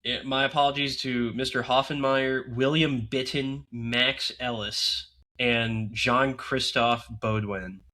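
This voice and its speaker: A man's voice: mid-range voice, fairly even intonation, slow, bright, forceful tone. A man co-hosting a casual hockey podcast, joking and sarcastic in easygoing banter. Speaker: podcast co-host.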